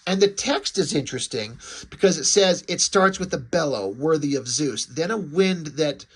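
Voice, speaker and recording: A man's voice: a little high, lively intonation, normal speed, husky. A man giving a casual, rambling spoken review of a comic book, with lots of filler words. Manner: rambling, uses lots of "like" and "you know".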